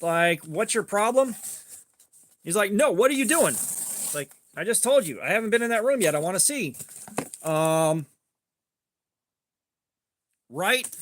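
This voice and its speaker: High-voiced man telling a rambling story. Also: unhurried, long pauses, slight background noise. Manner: rambling, profane, animated in quoted dialogue. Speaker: livestream host. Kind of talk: casual storytelling on a livestream.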